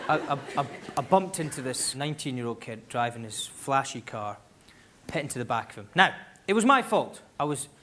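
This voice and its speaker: Animated Scottish stand-up comedian on stage. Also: male voice, mid-range voice, a little fast. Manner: animated storytelling with loud shouted impressions. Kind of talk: stand-up storytelling. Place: large concert hall stage. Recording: live theatre audience laughter, noisy.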